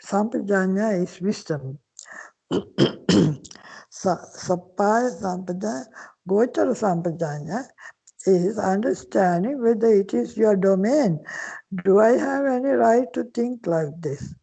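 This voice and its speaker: A woman's voice: mid-range voice, lively intonation, vocal fry, dark tone, husky, rough recording. An older woman, a Buddhist nun, patiently explaining teachings in a dharma talk, sometimes dropping to a whisper. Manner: slow, patient explaining with Pali terms, occasional whispered phrases.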